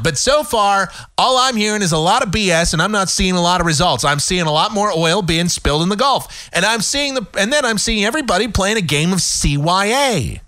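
Sarcastic, animated male radio host. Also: high-pitched, no room sound, studio quality. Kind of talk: opinionated talk radio monologue. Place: radio studio.

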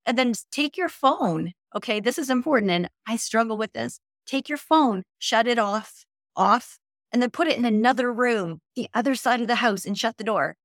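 A woman's voice: a little high, animated, normal speed, dry recording, clean studio sound. A woman, a Christian speaker and author, talking earnestly as a guest on a faith podcast and building to emphatic encouragement.

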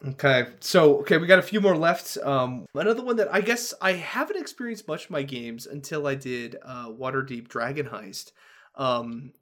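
A man's voice: medium pitch, animated, normal speed, a bit bright. A man hosting a casual tabletop-gaming podcast, talking with enthusiasm and laughing often as he chats with his co-hosts. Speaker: podcast host and dungeon master.

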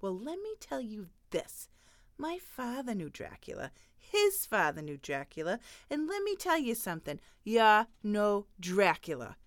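A woman voices a loudmouthed, working-class neighborhood woman, all bluster and picking fights. Her voice sits in a middle register but swings widely in pitch. It is a comedy sketch character, brash and blunt. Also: wildly swooping pitch, a little slow, no echo, clean studio sound. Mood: belligerent.

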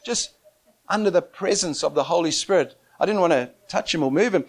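Brief: man preaching, high voice, very lively intonation, laughs a lot while telling stories. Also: brisk. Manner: animated, laughing often, acts out quoted voices. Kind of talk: lively sermon storytelling.

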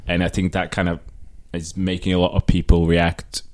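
Low-voiced man analysing football. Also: completely flat delivery, a little mellow. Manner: measured, analytical. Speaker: panelist. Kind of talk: casual football chat.

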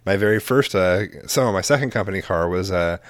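A man's voice: deep voice, brisk, dry recording, studio quality. A man co-hosting a podcast, chatting casually in a rambling, filler-heavy, casually profane way. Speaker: podcast co-host. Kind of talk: casual chat.

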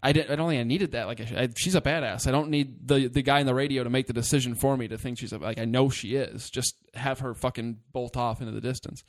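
A man co-hosting a casual movie discussion, talking in an animated, rambling way and swearing freely. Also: mid-range voice, fast, few pauses. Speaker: podcast co-host.

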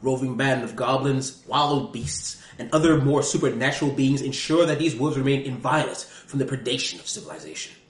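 Speaking in a mid-range voice that stays close to his everyday sound, the dungeon master talks a little fast with hardly any pauses. He adopts a put-on British accent for a haughty scholar reading a fantasy guidebook, grandiose and theatrically mock-grand. One USB mic in the middle of the table picks him up in an echoey room.

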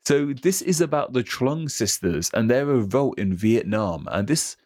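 A man co-hosting a history podcast, explaining things quickly and rambling a little. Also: medium pitch, expressive, a little mellow, no echo, studio quality. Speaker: podcast co-host. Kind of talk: casual history podcast chat.

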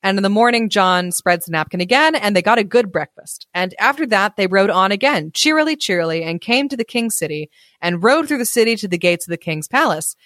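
A young woman co-hosting a podcast, reading a fairy tale aloud and chatting between passages, giggly and animated. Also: mid-range voice, a little fast, no room sound, clean studio sound. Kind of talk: read-aloud storytelling with casual chat.

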